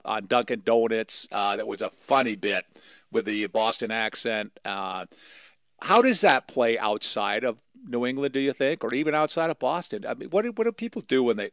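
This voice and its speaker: A man's voice: medium pitch, animated, moderate pace, fairly bright tone, no room sound. A man co-hosting a radio chat who asks a guest questions in a rambling way, searching for words. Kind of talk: casual interview questions.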